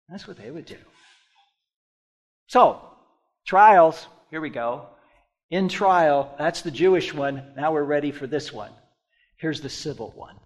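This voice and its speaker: Pastor guy preaching slow, lively pitch, goes from almost whispering to shouting. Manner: swings from hushed to loud emphatic bursts. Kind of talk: sermon.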